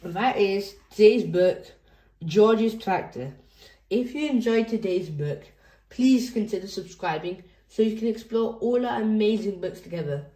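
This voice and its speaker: Slow, gentle woman reading aloud. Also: medium pitch, lively intonation. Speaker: storybook reader. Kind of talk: read-aloud storytelling. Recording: roomy echo.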